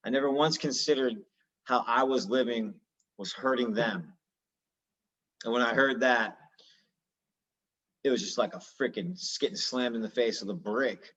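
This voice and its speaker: Man, 30s, mid-pitched, casual and earnest storyteller with slang; slightly muffled recording. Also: fairly bright tone, slightly rough. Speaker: guest telling his sobriety story. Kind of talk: candid personal storytelling.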